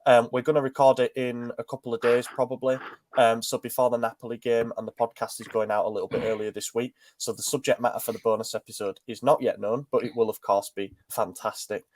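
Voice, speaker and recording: A man's voice: medium pitch, flat delivery, a little mellow, dry recording. Congested man hosting a football podcast. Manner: upbeat and brisk, with filler ums. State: congested, bunged up. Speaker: podcast host. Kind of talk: casual football podcast chat.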